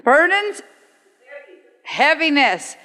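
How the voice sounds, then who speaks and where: A woman's voice: high-pitched, big pitch swings, drawn-out words, a crowd in the background. Emphatic woman preaching in a reverberant hall. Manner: emphatic, conversational preaching with rhetorical questions. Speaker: guest speaker at a church. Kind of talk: sermon. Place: church sanctuary.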